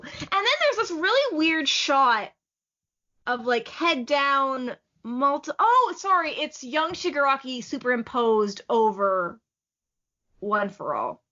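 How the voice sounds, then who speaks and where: A woman's voice: high-pitched, sing-song, sharp tone. A woman co-hosting a podcast, recapping a manga chapter in a chatty, enthusiastic way with lots of "like" fillers. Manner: chatty and enthusiastic, many "like" fillers, quick laughs. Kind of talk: casual chat. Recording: slightly muffled lo-fi audio.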